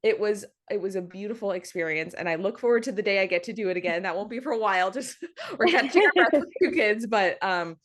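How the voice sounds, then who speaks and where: A young woman tells a personal story in a relaxed podcast chat. She speaks at a middle pitch, animated and quick to laugh, with many "like"s and restarts. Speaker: podcast guest. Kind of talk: casual birth story interview.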